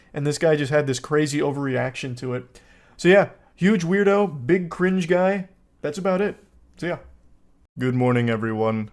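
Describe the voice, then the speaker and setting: A man giving comedic reaction commentary, sarcastic, crude and exasperated. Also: mid-range voice.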